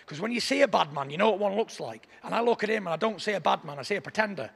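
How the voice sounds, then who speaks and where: Give me a high, raspy-voiced man from Britain trash-talking at a boxing press conference. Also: lively intonation, rapid-fire, fairly bright tone, in a large hall. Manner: boastful, taunting. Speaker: boxer.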